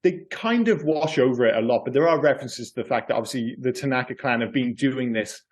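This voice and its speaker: A man co-hosting a podcast, chatting casually about a movie in an animated, swearing, ranting manner. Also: mid-range voice, fast. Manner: animated, swears often, goes off on rants. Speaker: podcast co-host.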